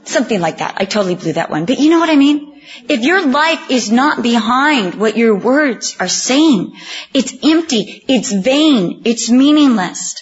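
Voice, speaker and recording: A woman preaching to a women's group, telling stories with animated, self-mocking humor and acting out the voices of the people in them. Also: on the high side, unhurried. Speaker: women's ministry speaker. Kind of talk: humorous sermon storytelling. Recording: dull lo-fi recording.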